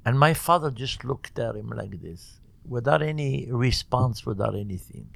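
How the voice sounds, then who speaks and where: Gravelly older man, halting and earnest. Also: medium pitch, lively intonation, no echo. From Morocco. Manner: halting, repeats and restarts words, warm and earnest. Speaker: cantor, guest. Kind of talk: conversational storytelling interview.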